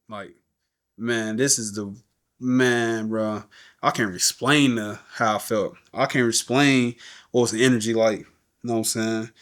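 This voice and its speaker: A man's voice: lowish voice, fairly bright tone. Middle-aged guy on a podcast telling a heavy story, slangy, keeps saying you know what i'm saying, does the other people's voices. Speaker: podcast guest. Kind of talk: emotional storytelling.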